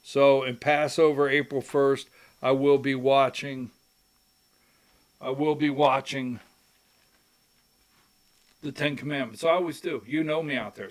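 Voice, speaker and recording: A man hosting a political talk show, rambling in a folksy way and repeating his phrases as he goes. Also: medium pitch. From rural Georgia. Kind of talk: casual commentary monologue.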